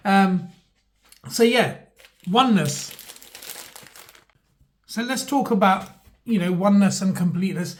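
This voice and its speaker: A man's voice: high-pitched, unhurried, pauses often. Rambling mock-earnest man. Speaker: vlogger. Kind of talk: casual comic monologue.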